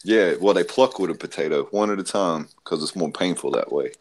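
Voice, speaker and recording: A man's voice: low voice, a little fast, husky. A man hosting a crude, laughing casual chat. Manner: crude, laughing, puts on silly accents. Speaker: podcast host.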